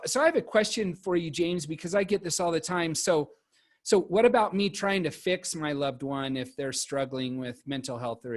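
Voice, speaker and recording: A man moderating a virtual panel discussion over a video call, speaking haltingly and often repeating words as he restarts. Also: on the high side.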